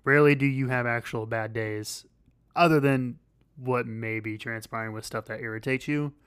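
A man co-hosting a podcast in casual chat, rambling and halting with many fillers and restarts. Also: mid-range voice, steady tone, fairly bright tone, smooth, dry recording, clean studio sound. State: losing his voice. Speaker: podcast co-host.

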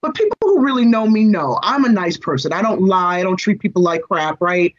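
Husky-voiced woman telling a story. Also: mid-range voice, fairly quick. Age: 40s. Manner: expressive, animated storyteller who addresses the host directly. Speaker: guest, entertainment reporter and screenwriter. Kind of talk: personal storytelling in an interview. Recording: slightly dull lo-fi sound.

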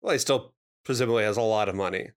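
A man's voice: fairly low pitch, quick pace. A man co-hosting a podcast, recapping episodes with dry humor and puns. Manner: dry, wry wordplay and explanations. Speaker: podcast co-host. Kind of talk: casual recap chat.

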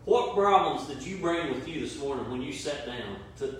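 A man's voice: mid-range voice, animated, normal speed. A man preaching a sermon to his church, with emphatic repetition and rhetorical questions. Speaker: pastor. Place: church service streamed online. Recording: very echoey room, mic at a distance, faint room noise.

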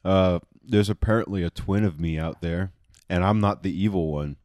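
Deep-ish guy on a podcast telling a weird story, swears, dry sound. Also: normal speed, darkish tone, no echo. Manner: swears casually, laughs through stories. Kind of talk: casual chat among friends.

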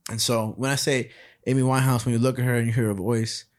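A man's voice: medium pitch, fast, no room sound, studio quality. Profane, rambling young podcast guy. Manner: rambling, profane, animated storytelling. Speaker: podcast co-host. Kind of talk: casual podcast chat.

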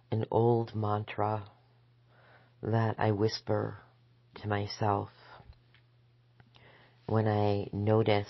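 A woman and spiritual teacher giving a gentle, measured spoken reflection that sometimes sinks into soft whispers. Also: very deep voice, lo-fi sound. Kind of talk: slow reflective spoken essay.

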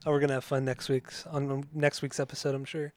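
A man co-hosting a casual music podcast, excitable and swearing a lot, often singing along. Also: medium pitch, a little fast. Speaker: podcast co-host.

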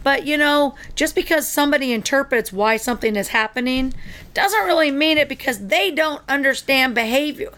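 A middle-aged woman with a high voice tells a story in casual conversation. She is animated and restarts her sentences often as she goes. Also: moderate pace. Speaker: podcast co-host. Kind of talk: casual chat.

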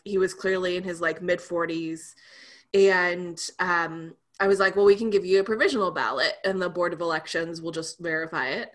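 A woman's voice: fairly low pitch, a bit bright. A young woman pastor chatting candidly on a podcast, laughing often and trailing off with fillers. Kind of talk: casual podcast chat.

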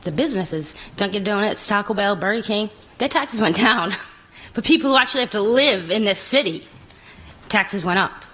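A woman's voice: medium pitch, animated, normal speed, fairly bright tone, low-quality recording. A woman, a tenant, giving a plain, indignant public comment at a city council meeting.

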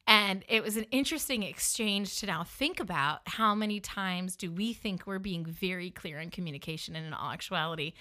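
A woman's voice: fairly low pitch, pushed and bright. A woman from the northern United States, with a Northern US accent, chatting casually as she tells her story and filling her speech with "like" and "you know.". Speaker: funeral director telling her story.

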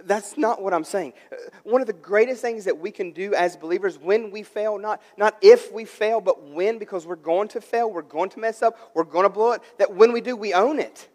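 A man in his thirties preaching a sermon as pastor, emphatic and swelling louder and softer, often stammering and restarting phrases. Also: high voice, moderate pace, big-room sound.

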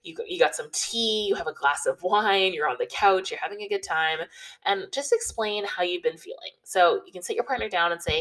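A woman giving casual, relaxed wedding planning advice, talking chattily with lots of "you know" and "like". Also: fairly low pitch, a little fast, recorded from a distance, poor audio. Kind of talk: casual advice talk to camera.

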